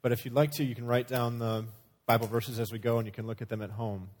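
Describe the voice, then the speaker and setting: A man in a middle voice leading a church class on marriage. He speaks in a measured way, now and then pausing on a filler. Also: medium pitch, little pitch movement, a little mellow.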